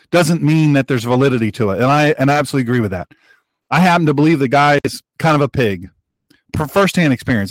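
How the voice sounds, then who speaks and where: A man hosts his own broadcast, delivering political commentary with heat and insistence. His voice sits slightly high and leaps higher when he presses a point. The sound is dry and close, with no room around it. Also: no echo. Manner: heated and emphatic, with sharp pitch jumps and repetition. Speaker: host of an online broadcast.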